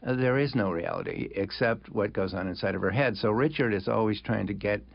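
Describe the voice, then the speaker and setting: Older man with a gravelly low voice. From United States. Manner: reflective, halting with many restarts and chuckles. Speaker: author being interviewed. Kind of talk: conversational interview. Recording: dull lo-fi sound.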